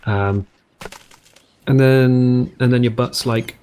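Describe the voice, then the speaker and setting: A man's voice: mid-range voice, fairly even intonation, takes it slowly, darkish tone, smooth. Rambling man narrating his gameplay at home. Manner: rambling, self-interrupting, jokey tangents. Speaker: gaming video host. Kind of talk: casual let's-play commentary.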